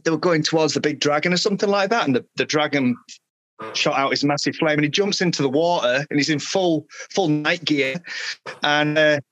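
A man's voice: a little high, a little fast, fairly bright tone, dry recording, highs cut off. Chuckling man, rambling story. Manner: rambling, laughs often. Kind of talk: casual chat.

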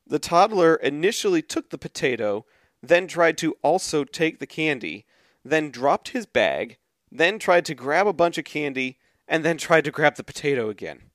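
An animated man with a lively, bouncing voice that sits a little high for a man. He co-hosts a podcast in a casual chat, reading tweets aloud and laughing as he goes. The sound is dry and close. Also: moderate pace, no room sound. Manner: animated, laughs often, acts out quoted kids loudly. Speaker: podcast co-host.

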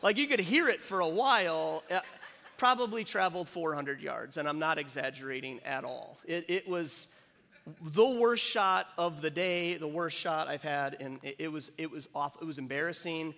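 A man's voice: fairly high pitch, normal speed, creaky, bright, forceful tone. Man preaching with a conversational, storytelling manner. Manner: conversational, self-deprecating storytelling. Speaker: pastor. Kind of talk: sermon with a personal story. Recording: long hall reverb.

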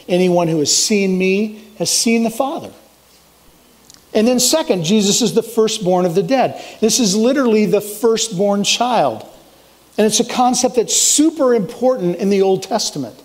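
A man's voice: sits high, darkish tone. A man pastor preaching a sermon in an earnest, emphatic way, rising for exclamations.

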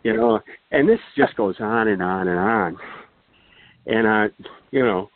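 A low-pitched man settles into a rambling, chuckling story as a podcast guest, full of asides and fillers. His voice comes through a thin, phone-like line with no room sound at all. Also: a little slow, no room sound. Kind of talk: casual anecdotal storytelling.

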